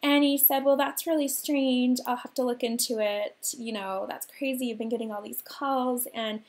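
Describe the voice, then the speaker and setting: High-voiced woman telling a story. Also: normal speed. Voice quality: animated, laughs often while telling. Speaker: host. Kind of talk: livestream storytelling. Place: home.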